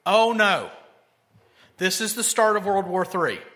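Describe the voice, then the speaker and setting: A man's voice: high-pitched, lively intonation, a little slow, pushed and bright, full character voice. A male pastor mocking a panicking man who frets about war and doom in frantic, wailing cries. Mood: panicky.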